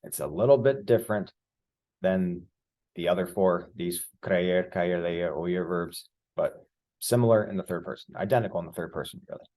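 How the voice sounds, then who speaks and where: A man's voice: low voice, normal speed, warm tone. A man teaching Spanish verb conjugation, patiently explaining and spelling out letters one by one. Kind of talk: explaining grammar at a board.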